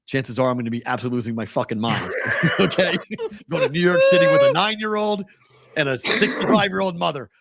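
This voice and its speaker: Animated gravelly Boston co-host. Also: male voice, fairly high pitch, quick pace. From Boston, Massachusetts. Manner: animated, joking. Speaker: co-host of a sports betting show. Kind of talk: casual chat.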